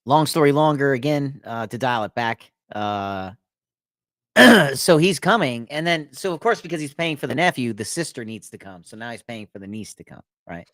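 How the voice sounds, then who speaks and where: Hosting his podcast, a man rambles through a long story in casual chat, laughing at his own jokes. His medium-pitched voice has lively intonation and a fairly bright tone at normal speed, recorded in studio quality with no room sound.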